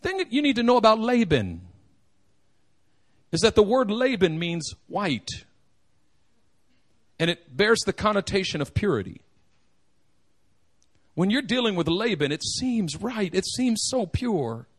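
A man preaching a sermon, animated and joking, acting out the quotes. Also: high-pitched, a little slow, long pauses. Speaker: pastor.

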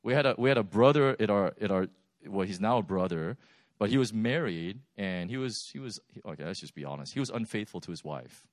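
A man preaching a sermon, telling stories in a lively, animated way with laughs. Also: lowish voice, a little fast, dry recording, clean studio sound. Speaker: pastor. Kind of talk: sermon storytelling.

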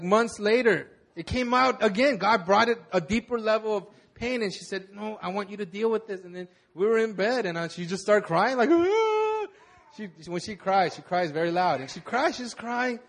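High-voiced young pastor, candidly preaching. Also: male voice. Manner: candid, halting personal storytelling. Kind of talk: conversational sermon.

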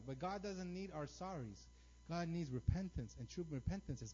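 A man's voice: on the high side, moderate pace. A man in his thirties preaching a sermon, telling stories with lots of energy and checking in with the crowd by asking "right?". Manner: animated storytelling, frequent "right?" tags. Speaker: pastor. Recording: dull lo-fi recording.

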